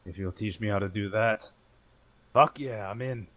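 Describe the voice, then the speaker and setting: A man's voice: on the low side, normal speed, a bit bright, dry recording, close to an everyday voice. A man voicing a crude, swaggering male dwarf warrior in a tabletop game, blunt and profane. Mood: eager.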